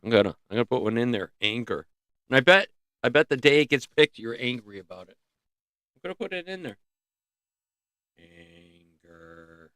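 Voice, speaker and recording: A man hosting a casual livestream, rambling and joking as he thinks out loud. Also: mid-range voice, animated, quick pace, no room sound, clean studio sound. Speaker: livestream host.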